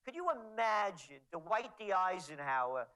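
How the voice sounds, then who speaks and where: A woman's voice: lowish voice, very animated, a little slow, a bit bright, poor audio. A woman commentator in heated political chat, sarcastic and mocking as she talks.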